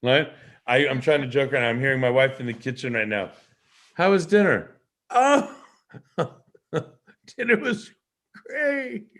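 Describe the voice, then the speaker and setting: A man hosting a live online show as a leadership coach, teaching in an animated way with many rhetorical questions over a video call. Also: mid-range voice.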